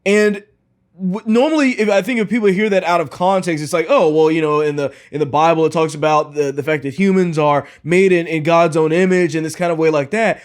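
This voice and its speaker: A man's voice: fairly high pitch, steady tone, fairly quick. A man hosting a reaction commentary, talking in an incredulous, mocking way and often repeating himself. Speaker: commentary host.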